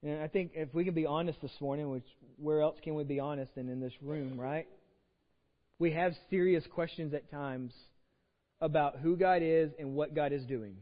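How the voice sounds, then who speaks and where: In a church sanctuary, a male pastor preaches at a moderate pace in a fairly high voice. He's conversational and self-deprecating, acting out quotes as he goes. The sound is dull, with long hall reverb.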